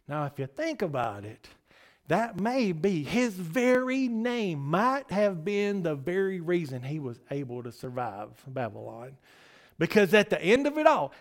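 A man preaching in a casual, conversational way, with a high voice that swings widely up and down. He takes his time, keeps asking his listeners "okay?" and laughs often. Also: big pitch swings, unhurried. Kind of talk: casual sermon to a congregation.

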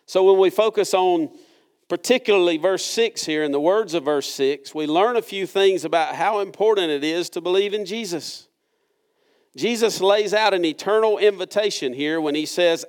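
Earnest preacher, fairly high voice. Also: male voice, animated, normal speed. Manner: earnest, conversational preaching with rhetorical questions. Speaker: pastor. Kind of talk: sermon. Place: church service.

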